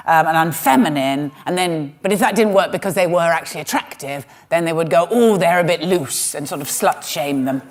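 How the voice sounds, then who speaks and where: A woman comedian telling a history story on stage with wry, sarcastic asides. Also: lowish voice. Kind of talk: stand-up storytelling talk. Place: stage in a museum.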